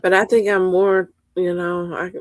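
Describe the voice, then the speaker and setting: A woman's voice: on the low side, little pitch movement, unhurried, no echo. A woman in a casual stream chat, easygoing and teasing with her friends.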